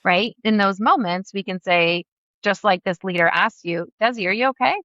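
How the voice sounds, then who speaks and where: A woman's voice: medium pitch, moderate pace, a bit bright, no echo, muffled recording. A woman facilitator speaking as a podcast guest, earnest and reflective, sharing personal examples. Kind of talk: conversational interview.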